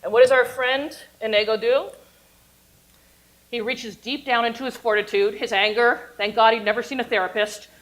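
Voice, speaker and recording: A woman with a slightly high voice teaches a class on storytelling. She is animated and playful, cheering and booing along with the plots she retells and laughing at her own asides. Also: moderate pace, poor audio. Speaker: university teacher giving a workshop class. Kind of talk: lively lecture with storytelling.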